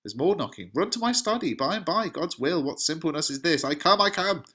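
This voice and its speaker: A man reading the lines of a panicking male friar in hurried, urgent calls. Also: medium pitch, big pitch swings, a little mellow, natural voice. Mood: panicked.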